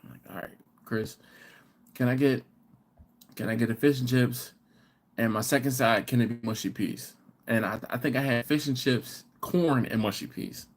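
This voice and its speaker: A man's voice: mid-range voice, moderate pace. A man from the United States hosting a live barbecue stream, chatting casually, reading out viewer comments and telling rambling stories. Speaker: host of a live barbecue channel.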